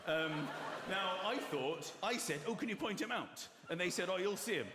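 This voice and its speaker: A man performing a stand-up comedy routine on stage, animated and mocking, swearing freely. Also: high voice, normal speed, heavy background noise. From Scotland. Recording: echoey live hall, loud crowd.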